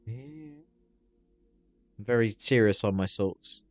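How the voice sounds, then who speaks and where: A man's voice: lowish voice, takes it slowly, dry recording. A man chatting loosely on a live stream while watching videos, swearing freely as he rambles.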